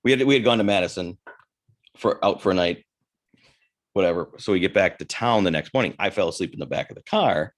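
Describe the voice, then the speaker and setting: Male co-host, lowish, lively pitch, rambling crude storyteller. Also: fairly quick. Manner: rambling, self-interrupting storyteller with crude humor. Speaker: podcast co-host. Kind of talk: casual storytelling chat.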